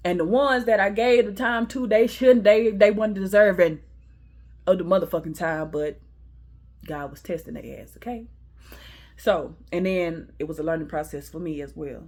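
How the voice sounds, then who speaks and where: A woman's voice: lowish voice, normal speed, pauses often. A young woman tells a casual storytime. She swears freely and acts out the quotes. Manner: animated, laughing, profane, acting out quotes.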